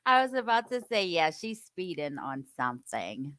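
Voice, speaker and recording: A woman's voice: on the low side, sing-song, moderate pace, a bit bright, dry recording. A woman giving casual joking commentary on police footage. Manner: joking, laughing asides.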